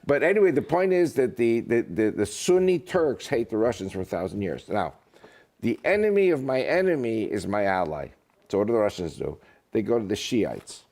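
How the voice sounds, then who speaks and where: A man's voice: fairly low pitch, moderate pace. A man talking as a guest in a casual interview, telling jokes and stories. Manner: animated, joking storyteller. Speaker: guest speaker.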